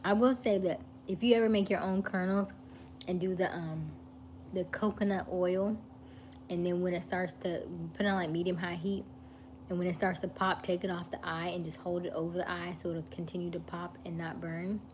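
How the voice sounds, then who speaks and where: A woman hosts a casual live stream, chatting in a relaxed manner, greeting viewers by name and snacking as she talks. Her voice is on the low side at normal speed, with slight background noise.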